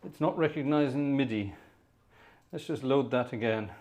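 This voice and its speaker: Guy hosting a live organ stream, chatty, mutters to himself while fixing his setup, mid-pitched voice. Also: normal speed, a little mellow, slight background noise. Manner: chatty, narrating his own tech troubleshooting; exasperated muttering asides. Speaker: organ music livestream host. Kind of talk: casual live-stream chat.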